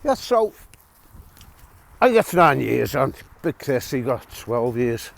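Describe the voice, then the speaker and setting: A man's voice: mid-range voice, sing-song, takes it slowly, creaky. A middle-aged man from England telling a long personal story in a rambling, chatty way, full of restarts and chuckles. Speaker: vlogger telling prison stories. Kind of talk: casual storytelling. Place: outdoors, walking a dog.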